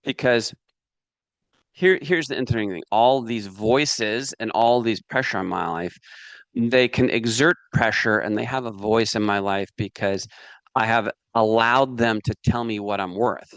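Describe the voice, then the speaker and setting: Man giving a lively motivational talk. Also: lowish voice, unhurried, clear, resonant tone, dry recording. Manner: animated, asks "does that make sense" and "right" often; acts out inner voices and his dog. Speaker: speaker teaching a business course. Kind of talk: casual motivational teaching.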